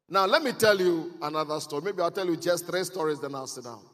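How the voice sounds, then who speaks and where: A high-pitched man in middle age speaks to a crowd as a conference speaker, leaning into stories and rising to loud, emphatic exhortation. His voice rings through a large hall with a long reverb tail. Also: fast. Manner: storytelling, building to loud emphatic preaching. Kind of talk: motivational speech.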